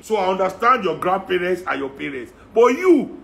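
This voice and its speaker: Brief: Nigerian man, higher voice, mocking and animated, faint background hiss. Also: moderate pace, vocal fry. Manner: animated, mixes Pidgin and Yoruba, mocking. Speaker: musician and guest. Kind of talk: casual opinionated chat.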